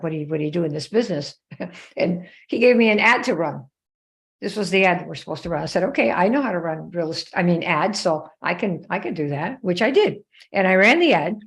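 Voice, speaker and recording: A woman hosting a live stream, telling a story in a conversational way, checking in with viewers by name and acting out quoted dialogue in her own voice. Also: on the low side. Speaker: live show host.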